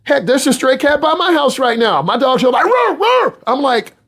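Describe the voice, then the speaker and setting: Animated man teaching a class. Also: very high-pitched, fairly quick. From Midwest US. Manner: animated, exhorting students, repetitive. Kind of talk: classroom lecture.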